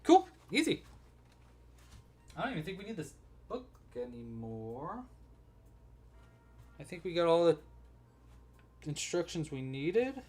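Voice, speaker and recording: A man's voice: a little high, big pitch swings, slow, pauses often, a little mellow, breathy edge, faint music behind. Chatty man hosting a crochet livestream. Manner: chatty, thinking aloud while working. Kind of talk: casual livestream crochet-along.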